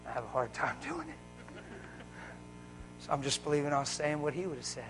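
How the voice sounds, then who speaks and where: A man preaching a live sermon in a church, wearing a mic, fervent and swinging between loud exclaiming and hushed talk. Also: a little high, huge pitch swings, a little fast, over music, low-quality recording. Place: church service.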